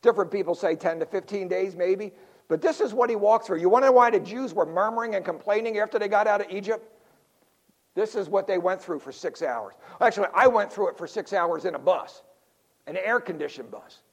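An older man preaching a sermon in a lively, joking way, dropping to quiet asides between points. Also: high voice, fairly quick. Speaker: pastor.

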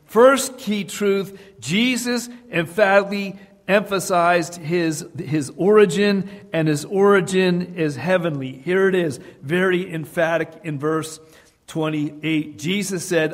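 A man's voice: sits high, unhurried. A man preaching a sermon, emphatic and repeating key phrases for his congregation. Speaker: pastor. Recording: long hall reverb.

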